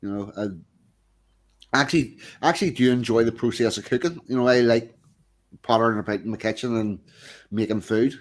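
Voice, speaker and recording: A man chatting casually on a stream, relaxed and hesitant with many pauses. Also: medium pitch. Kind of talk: casual chat.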